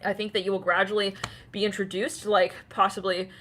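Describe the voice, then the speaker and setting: A woman's voice: medium pitch, little pitch movement, brisk, fairly bright tone, a little hiss or hum. A woman giving a casual tarot reading, rambling with many fillers and acting out quoted voices. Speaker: tarot reader.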